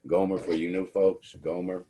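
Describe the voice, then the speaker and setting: A man's voice: low voice, flat delivery, normal speed, dark tone, a little hiss or hum. A man giving a lecture to students, telling a personal story in a wry, conversational way. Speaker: instructor.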